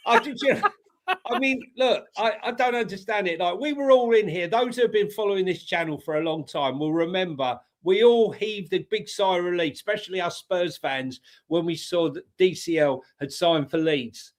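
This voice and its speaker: Chatty higher-voiced male football co-host. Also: moderate pace. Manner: chatty, laughing banter, rambling asides. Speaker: podcast co-host. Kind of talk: casual football chat.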